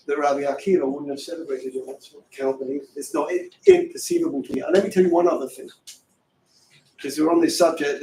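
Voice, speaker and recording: A middle-aged man teaching an impassioned Torah class, firing off rhetorical questions and breaking into shouts, recorded in a classroom from a distance. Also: sits high, a little hiss or hum. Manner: fervent, many rhetorical questions, bursts into shouting. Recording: echoey room from far off.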